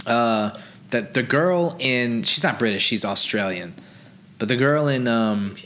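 A man's voice: mid-range voice, measured pace, a bit bright. A man hosting a podcast, chatting loosely about film trailers, rambling and swearing casually. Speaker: podcast host. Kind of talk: casual chat.

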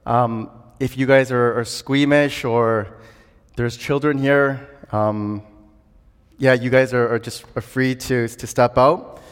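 A man's voice: mid-range voice, steady tone, slow, clean tone. A man preaching a sermon earnestly, building to emphatic declarations. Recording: long hall reverb.

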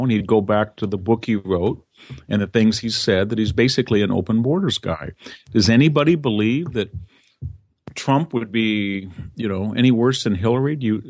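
A man with a fairly low voice talks politics as a studio interview guest. He speaks conversationally, restarting sentences and slipping into quoted asides. The sound is close and dry, with no room echo. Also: a little mellow.

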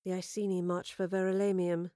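Low muttering soothsayer woman, cryptic and testy, read by a narrator. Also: fairly quick, darkish tone, no echo, clean studio sound, lightly acted. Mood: brooding. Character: cryptic brooding female soothsayer.

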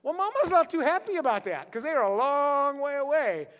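A man's voice: extremely high pitch, lively intonation, fairly quick, a bit bright, in a large hall. A man preaching a sermon as pastor, telling stories loosely and often repeating and restarting words.

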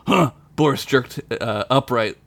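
A man's voice: mid-range voice, animated, normal speed, fairly bright tone. A man hosting a podcast, reading his own comedic story aloud in a crude, rambling way and laughing at his own jokes.

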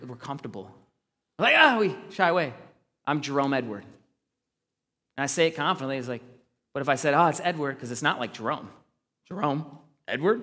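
A man preaching a sermon, earnest, swinging between loud emphasis and quiet asides. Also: medium pitch, long reverb tail. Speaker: pastor.

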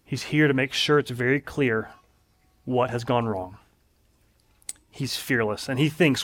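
A man's voice: mid-range voice, a little slow, long pauses, fairly bright tone. A man preaching a sermon in an earnest, emphatic way, leaning on repeated phrases.

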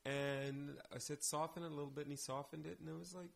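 A man's voice: fairly high pitch, steady tone, fast, vocal fry. A man, a theater director guest on a podcast, telling anecdotes in casual chat and acting out the lines he quotes.

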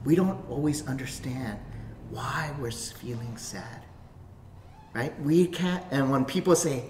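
A male pastor delivers a sermon in an echoing room with faint noise behind him. His voice sits at a middling pitch. He shifts from loud, animated stretches to hushed, almost whispered ones. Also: unhurried. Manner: animated, swings from loud emphasis to soft near-whispers. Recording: roomy echo.

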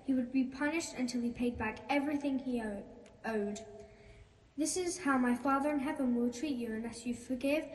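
A woman's voice: high voice, normal speed. Woman reading scripture in an echoey church. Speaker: Bible reader. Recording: echoey church hall, distant mic.

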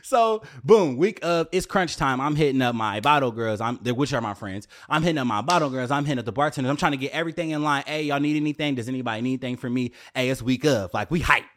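Animated young man with lively pitch. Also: quick pace, hardly any pauses. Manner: animated, jumps into high exclaiming voice; profane, slangy, addresses viewers directly. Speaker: vlogger telling a story. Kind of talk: casual storytime monologue.

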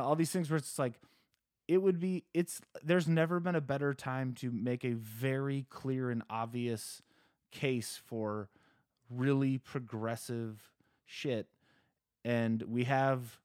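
A man's voice: medium pitch, a little mellow, no room sound, clean studio sound. Sarcastic man ranting about politics. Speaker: podcast co-host. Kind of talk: casual chat.

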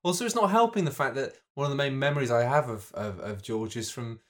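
A man's voice: mid-range voice, fast talker, a bit bright. Blunt, sweary man chatting. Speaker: podcast co-host. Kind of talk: casual comedy chat.

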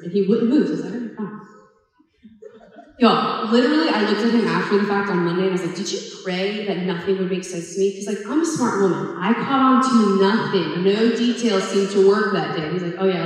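A woman telling a lively personal story as a speaker at a women's brunch, chatty and quick to laugh. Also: fairly low pitch. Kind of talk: storytelling talk. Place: large echoey hall. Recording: echoey hall from far off.

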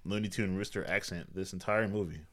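A man with a somewhat low voice recaps a movie plot in a relaxed chat. He drops wry, dry jokes as he goes. His delivery is easygoing and conversational. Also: fairly quick. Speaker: podcast co-host. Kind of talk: casual movie review chat.

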